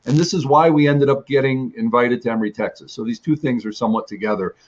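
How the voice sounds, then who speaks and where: A man's voice: mid-range voice, quick pace, highs cut off. A man telling a long personal testimony about his travels, rambling with restarts and fillers. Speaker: ministry teacher. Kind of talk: storytelling testimony.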